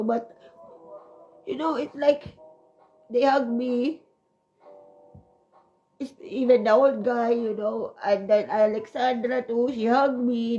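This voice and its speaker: Her voice is fairly high yet dark in tone, and the audio sounds dull. This chatty Swiss vlogger rambles about personal matters, getting emotional and sometimes tearful, with lots of fillers.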